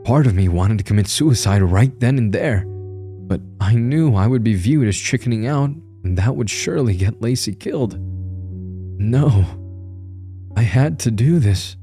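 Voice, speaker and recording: A man's voice: lowish voice, expressive, a little slow, mellow, soft background music. A man narrating a first-person horror story in a tense, grim storytelling manner.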